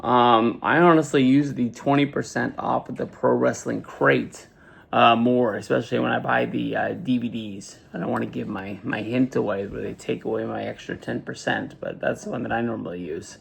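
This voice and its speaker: Gravelly laid-back man rambling casually. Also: mid-range voice, steady tone, moderate pace. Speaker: unboxing vlogger. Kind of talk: casual unboxing chat.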